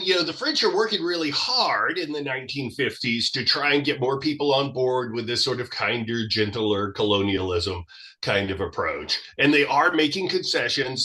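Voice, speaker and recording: A man speaking as a guest in an interview, explaining history at length in a lively, expansive way. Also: medium pitch.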